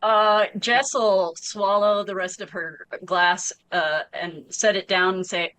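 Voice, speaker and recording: A woman speaking as a player in a tabletop game, relaxed and thinking aloud. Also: medium pitch, slow, hardly any pauses, rough recording. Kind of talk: casual tabletop game chat.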